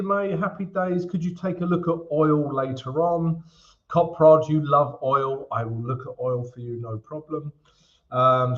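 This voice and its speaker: A man's voice: a little high, muffled recording. A man from England hosting a live stream, chatting casually with viewers and calling them guys and mate. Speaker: host. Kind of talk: live trading stream chat.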